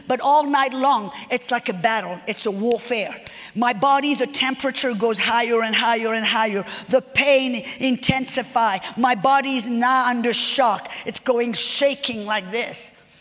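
High-voiced woman preaching in a reverberant hall. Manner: animated, acts out dialogue, repeats phrases. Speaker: guest speaker. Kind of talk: preaching sermon with personal stories.

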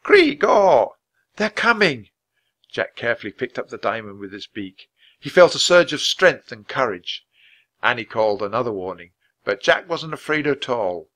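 A man reads a children's adventure story aloud with a bright, forward tone. He keeps a clear, measured pace suited to learners. His reading is lively and expressive without rushing. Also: mid-range voice. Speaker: storybook reader.

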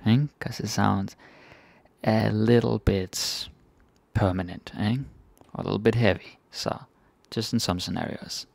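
A young man with a Danish accent, teaching a casual language lesson and repeating each word slowly for learners. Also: on the low side, gravelly, no room sound.

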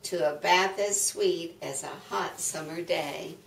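A woman's voice: fairly low pitch, slow pace, gravelly, pitched below the performer's own voice. A woman voicing a clever farmyard duck in a storybook reading, in a chirpy, squawky way. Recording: echoey room, mic far off.

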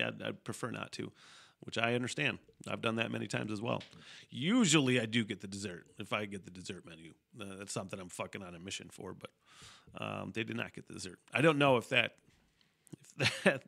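A man's voice: medium pitch, vocal fry, bright, forceful tone. A man hosting a casual solo podcast, rambling and swearing freely, often laughing mid-sentence. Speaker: podcast host.

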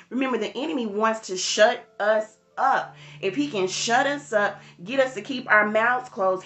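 A woman's voice: fairly high pitch, reverberant. Woman, devotional preacher, livestream, emphatic, greets viewers by name. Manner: preacherly, rising loud for emphasis, addresses viewers in the chat by name. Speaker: church devotional leader.

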